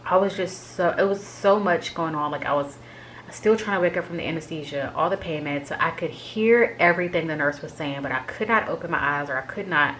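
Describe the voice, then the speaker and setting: A woman's voice: sits low, a little fast, fairly bright tone, slight background noise, low-quality recording. A woman vlogger candidly recounting a personal experience in a casual, chatty way, full of "like" fillers. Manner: chatty, filler-heavy with frequent "like". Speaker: vlogger sharing a health update.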